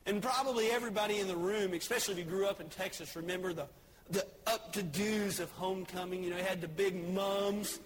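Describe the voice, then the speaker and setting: A male preacher delivers a joking, story-driven sermon, dropping to soft asides and rising to shouts. His voice is very high. A faint hiss runs behind him. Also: steady tone, brisk.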